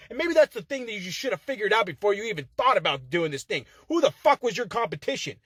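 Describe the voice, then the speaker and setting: A man cuts a swaggering wrestling promo from inside a car, his voice sitting high for a man. He trash-talks with heated, profane bluster. The sound is dry and close, with no room echo. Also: animated, brisk, few pauses, fairly bright tone. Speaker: contestant in an online promo-cutting contest.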